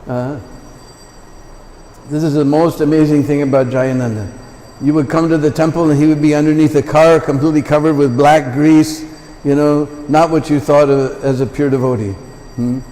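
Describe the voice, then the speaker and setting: A man's voice: fairly high pitch, fairly even intonation, normal speed, mellow. Storytelling man in a temple hall. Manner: anecdotal, chatty asides. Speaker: visiting lecturer. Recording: long temple hall reverb.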